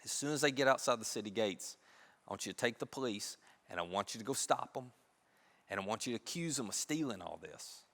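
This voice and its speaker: A man, preaching, voicing Joseph, a powerful man toying with his brothers in quiet commanding tones, in a reverberant hall. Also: mid-range voice, lively intonation, fairly quick, pitched below the performer's own voice. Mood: scheming.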